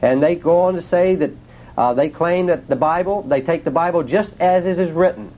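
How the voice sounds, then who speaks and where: Here a preacher, his voice a little high and his pace moderate, explains scripture in a down-to-earth, folksy manner with nonstandard grammar. Rhetorical questions are aimed at those listening, all captured on dull-sounding audio.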